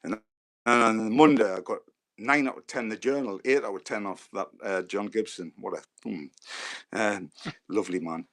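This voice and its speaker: A man in his fifties with a Geordie accent, a former footballer telling lively anecdotes as a guest. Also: fairly low pitch, normal speed. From Newcastle, England. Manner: lively storyteller who acts out the voices of others.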